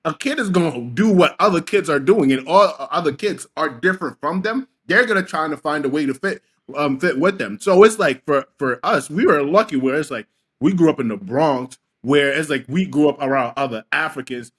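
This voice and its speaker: Animated young New man telling stories. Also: on the high side, fairly quick, slightly rough. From Senegal. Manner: animated storyteller, acts out his own quotes. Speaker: podcast co-host. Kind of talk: casual chat.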